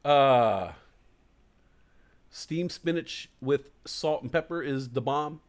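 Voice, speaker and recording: In a slow, mid-range voice, a man hosting a casual livestream chat show acts out his inner voices and tells spirited stories, dropping swear words as he goes.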